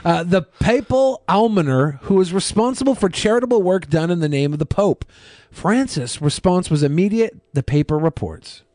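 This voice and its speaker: Jokey higher-voiced male co-host. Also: expressive, moderate pace, mellow, no echo, studio quality. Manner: jokey, stumbles over words while reading. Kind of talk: casual podcast banter, reading news aloud.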